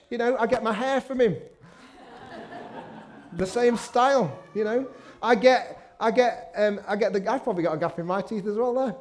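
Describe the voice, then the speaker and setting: Male preacher, middle-aged, high-pitched, chatty sermon style with self-mocking humour. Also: a little mellow. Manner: conversational, with self-deprecating asides. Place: church meeting room.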